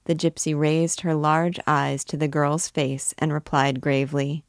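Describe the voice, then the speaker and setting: A woman reading a classic novel aloud in a measured, expressive storytelling manner. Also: deep voice, no echo, studio quality. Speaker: reader.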